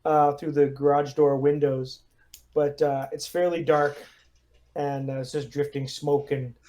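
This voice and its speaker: A man's voice: fairly high pitch, little pitch movement, unhurried, warm tone. A man narrating as game master in a loose, chatty way with many fillers. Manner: loose, lots of fillers and laughs.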